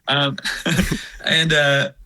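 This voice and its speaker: A man in his forties, a worship singer giving an interview, who tells stories in a casual, animated way and acts out the lines of other people. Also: fairly high pitch, drawn-out words.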